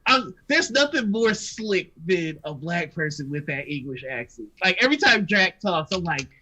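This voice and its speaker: A woman's voice: on the low side, big pitch swings, moderate pace, pushed and bright. A woman from the United States hosting a livestream, loose and joking and often laughing. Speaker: host. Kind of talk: casual chat on a livestream.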